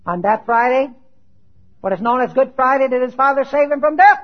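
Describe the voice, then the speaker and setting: A man preaching a sermon who asks his listeners questions and answers them himself, growing loud on quoted scripture and dropping low for his questions. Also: brisk. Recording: dull lo-fi sound.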